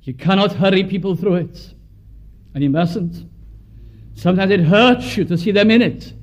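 A man from Wales preaching a sermon earnestly, swelling from quiet musings to fervent prayer. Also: high voice, moderate pace. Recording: dull lo-fi recording.

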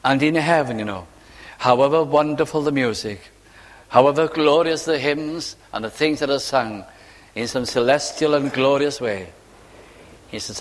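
A man's voice: medium pitch, normal speed, in a large hall. A man preaching a sermon, earnest, acting out quotes and drawing out key phrases.

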